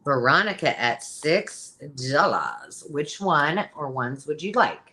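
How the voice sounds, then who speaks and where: This middle-aged woman's deep voice has a sharp tone and a slow, sing-song delivery. She hosts a live sale in a chatty, rambling style, often pausing on "um" as she pitches to her stream.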